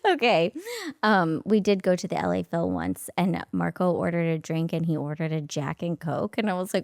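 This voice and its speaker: A woman's voice: lowish voice, sing-song, a little fast, creaky, a little mellow, no echo, studio quality. A woman in her thirties hosting a podcast, chatting casually, laughing often and acting out both sides of conversations. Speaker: podcast host. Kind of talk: casual chat.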